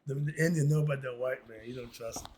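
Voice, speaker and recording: A man's voice: medium pitch, fairly even intonation, fast, a little mellow, a little hiss or hum. A man casually reading a list of moral principles and commenting in a laid-back, chuckling way, with loose slang. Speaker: host.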